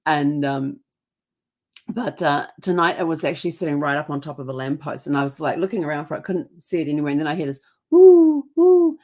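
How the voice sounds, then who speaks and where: A woman's voice: deep voice, steady tone, fast. Woman host telling a rambling story. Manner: rambling, with many restarts and fillers. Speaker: podcast host. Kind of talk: casual storytelling.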